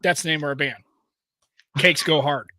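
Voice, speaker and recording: A man's voice: a little high, fairly even intonation, normal speed, sharp tone, dry recording. An American man in his thirties co-hosting a podcast, chatting loosely, joking and swearing freely. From United States. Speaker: podcast co-host. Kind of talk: casual chat.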